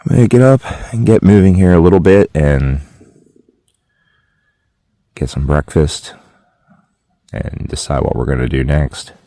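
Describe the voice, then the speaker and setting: A man with a very deep, dark voice gives a relaxed morning update to the camera. He talks plainly from a snowy mountain campsite, and the sound is close and dry, without echo. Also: measured pace, pauses often. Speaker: vlogger. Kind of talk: morning camp vlog to camera.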